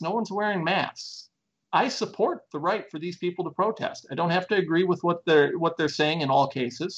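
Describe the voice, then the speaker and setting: A man speaking earnestly and emphatically in a conversational interview, pressing his points with repeated questions. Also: lo-fi sound. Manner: earnest, emphatic, building to raised pitch. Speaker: plaintiff in a lawsuit.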